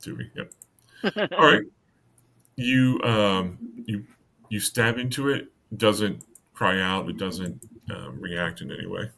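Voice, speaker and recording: A man narrating a tabletop game as game master, halting, with many fillers and restarts. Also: fairly low pitch, gravelly, pushed and bright.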